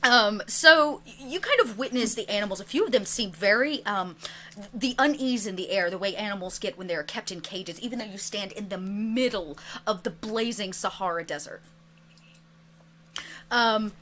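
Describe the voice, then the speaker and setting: A woman narrating a tabletop role-playing game as game master, lively and chatty, with many fillers. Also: mid-range voice, normal speed, a little hiss or hum.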